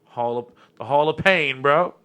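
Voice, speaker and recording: A man in his thirties with a New York-area accent, hosting a podcast and telling stories in lively, slangy casual chat. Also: on the high side, measured pace, clear, resonant tone. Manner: animated storytelling, slangy, repeats words. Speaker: podcast host.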